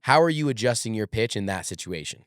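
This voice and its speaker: A man's voice: lowish voice, animated, quick pace, dry recording. Male host, motivational sales coach, chummy "dude" manner, dry close mic. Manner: addresses listeners as "guys" and "dude". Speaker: host of a sales training show. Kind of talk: coaching interview.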